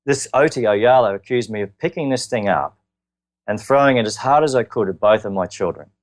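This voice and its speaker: A man with an Australian accent, telling his own story as an interview guest in an earnest, halting way with many filler words. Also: lowish voice.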